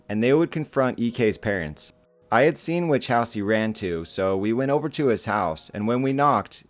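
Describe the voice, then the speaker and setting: Channel narrator, male, casual wry storyteller, mid pitch; faint music bed behind. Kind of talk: narrating internet stories.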